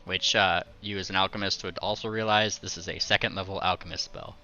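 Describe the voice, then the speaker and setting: Hesitant male game master, bright and clear, slightly muffled mic. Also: deep voice, fairly even intonation, a little fast, soft background music. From not from Scotland or Britain. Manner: hesitant, full of ums and uhs. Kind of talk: narrating a tabletop game.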